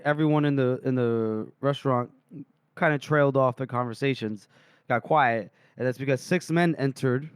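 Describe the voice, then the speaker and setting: A man co-hosting a podcast, casually retelling book chapters and quoting the characters in quick asides. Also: medium pitch, smooth, no echo, clean studio sound. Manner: retells scenes with quick voiced quotes of characters. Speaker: podcast co-host.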